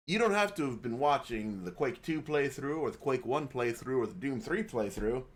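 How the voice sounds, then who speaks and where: A young man talks casually over a video he is reacting to, rambling and cursing as he jokes. His pitch leaps and dips all over the place, never staying flat for long. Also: moderate pace, slightly rough. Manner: profane, rambling, joking. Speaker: gaming YouTuber reacting to a video.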